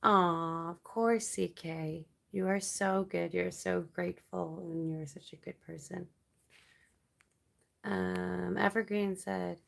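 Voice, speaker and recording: A woman from Canada hosts a late-night livestream, rambling as she reads her viewers' comments aloud. Her voice sits fairly low and carries heavy vocal fry. She talks at a very slow, easy pace. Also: steady tone. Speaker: livestream host.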